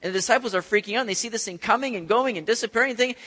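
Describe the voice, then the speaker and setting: A man preaching a sermon, telling the story with animated, acted-out scenes. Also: high-pitched, racing, few pauses, big-room sound. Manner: animated storytelling, acts out voices of disciples. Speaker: pastor.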